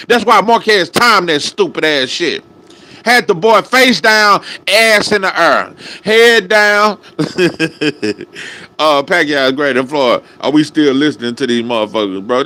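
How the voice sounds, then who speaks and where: A man with a high, bright voice delivers a heated reaction rant. He swings widely up and down in pitch. His talk is angry, profane and packed with slang. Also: lively intonation, normal speed. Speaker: boxing reaction commentator.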